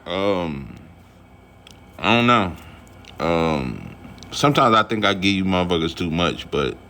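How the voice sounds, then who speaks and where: A man's voice: low voice, big pitch swings, a little slow, sharp tone, a little hiss or hum. A man vlogging about boxing in a casual, rambling, profane rant full of fillers.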